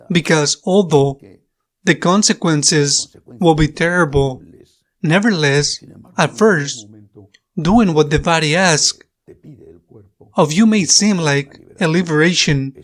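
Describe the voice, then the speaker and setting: A male priest whose first language is Spanish, giving a sermon in slow, measured phrases that repeat for emphasis. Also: a little high, a bit bright.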